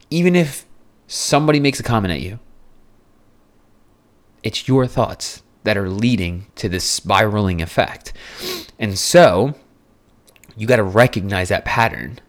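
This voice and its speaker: A young man hosting a solo fitness podcast, talking bluntly with frequent swearing and restarts. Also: lowish voice. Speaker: fitness coach and podcast host. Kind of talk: casual solo podcast monologue.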